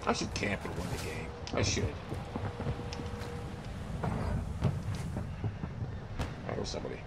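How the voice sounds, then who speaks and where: A man's voice: deep voice, very animated, takes it slowly, heavy background noise. A man streaming a shooter game, muttering to himself and swearing as he plays. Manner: muttering, swearing, self-talk. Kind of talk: casual gameplay commentary.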